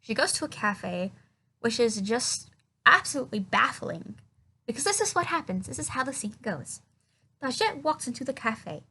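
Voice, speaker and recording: Sarcastic woman reviewer with a profane recap delivery and a bright, slightly high voice. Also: slightly rough. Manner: sarcastic, profane, mocking movie dialogue in silly voices. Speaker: film reviewer. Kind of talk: casual comedic film recap.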